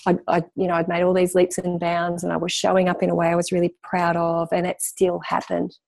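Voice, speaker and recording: A woman's voice: on the low side, completely flat delivery, a little fast, vocal fry, a little mellow, no room sound. A woman, a spiritual coach, talking passionately in a candid interview and repeating phrases for emphasis.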